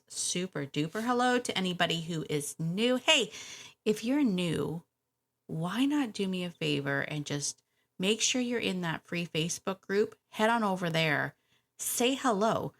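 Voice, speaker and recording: A woman hosting a dog-training podcast, chatty and animated, laughing often. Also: fairly low pitch, a little slow. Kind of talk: casual podcast chat.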